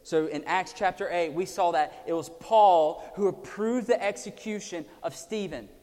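A man preaching a sermon, swinging from loud emphasis down to hushed, almost whispered lines. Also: high-pitched, moderate pace. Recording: long hall reverb.

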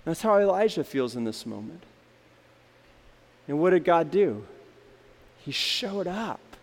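A man with a high voice preaches a sermon to his congregation, and his words ring out with a long echo through a large hall. He tells the story with life, acting out the voices and dropping from loud to hushed. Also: very animated, slow pace. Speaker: pastor.

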